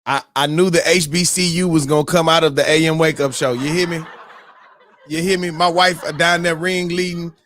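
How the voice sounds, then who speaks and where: A man hosting a morning show, telling a story in a loose, animated way, whooping and mimicking crowd voices. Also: a little high, brisk, slight background noise. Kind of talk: casual storytelling.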